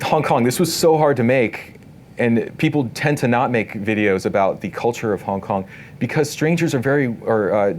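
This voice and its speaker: A man giving a casual live workshop talk to an audience in an event space, relaxed and talkative, full of filler words. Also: mid-range voice, a little hiss or hum. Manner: relaxed, talkative, many "like" and "you know" fillers.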